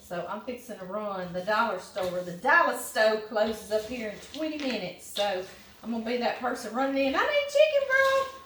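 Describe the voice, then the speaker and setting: A chatty Southern woman from Louisiana talks straight to her viewers while she cooks. Her voice comes from a distance in an echoey home kitchen, with clear background noise around her. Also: mid-range voice, normal speed, a bit bright. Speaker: home cooking vlogger. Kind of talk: casual kitchen chat. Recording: roomy kitchen, mic at a distance, noisy.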